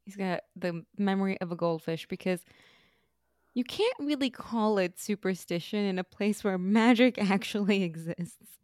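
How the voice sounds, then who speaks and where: A woman's voice: medium pitch, normal speed, a little mellow, no room sound, clean studio sound. A woman co-hosting a podcast in casual chat, making wry, sarcastic quips. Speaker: podcast co-host.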